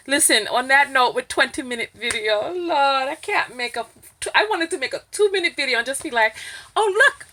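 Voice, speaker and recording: A woman with a New York accent, talking candidly to camera in an opinion vlog, emphatic and animated, rising to near-shouts when indignant. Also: fairly high pitch. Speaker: vlogger.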